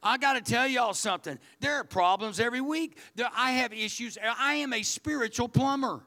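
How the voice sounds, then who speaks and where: A man's voice: very high-pitched, normal speed, bright, forceful tone. A man preaching a sermon, telling a personal story in a folksy, repetitive way. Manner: folksy, storytelling, repeats words. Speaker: pastor.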